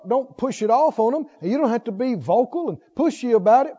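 A male preacher giving an emphatic sermon, moving between loud declarations and quiet reasoning, on a dull lo-fi recording. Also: extremely high pitch, lively intonation, brisk, slightly rough, long reverb tail.

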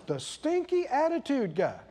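A man's voice: extremely high pitch, wildly swooping pitch, measured pace, dark tone. A man preaching a sermon, firing questions at the congregation and driving points home with emphatic repetition. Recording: long echo of a large hall.

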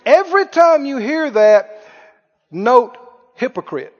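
High-voiced man preaching in an echoing hall. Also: lively intonation, measured pace. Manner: folksy, joking, mimics critics with mock wails. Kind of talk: sermon. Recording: reverberant hall, dull lo-fi sound.

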